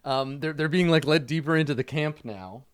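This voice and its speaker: A man's voice: a little high, moderate pace, clear, resonant tone. A man narrating a tabletop game as dungeon master, in a loose style full of fillers and "like". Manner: loose and filler-heavy, uses "like" often.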